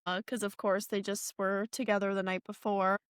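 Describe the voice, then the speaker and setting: A woman co-hosting a casual movie podcast, retelling scenes with animated character voices. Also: mid-range voice, clean tone, no echo, studio quality. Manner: animated retelling, acting out character lines in quick bursts. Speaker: podcast co-host. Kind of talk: casual movie recap chat.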